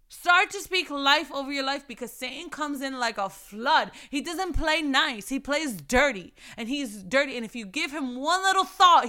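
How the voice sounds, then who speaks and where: A woman's voice: sits high, sharp tone. A woman giving a casual faith devotional talk, fervent and emphatic, repeating phrases for emphasis.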